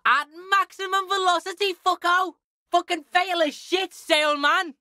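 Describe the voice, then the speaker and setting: A woman's voice: very high-pitched, fairly even intonation, a little slow, bright, forceful tone, dry recording, studio quality, exaggerated voice. A woman playing a cocky foul-mouthed street boy. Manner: brash, swaggering, talks of himself in third person. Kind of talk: video game character acting.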